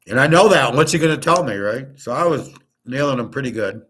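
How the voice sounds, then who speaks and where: A man talks in a loose, rambling monologue, blunt and boastful. He swears freely and acts out both sides of the conversations he retells. His voice sits at an ordinary middle pitch for a man. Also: expressive, fairly quick, fairly bright tone, breathy edge. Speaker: host of a sports picks show.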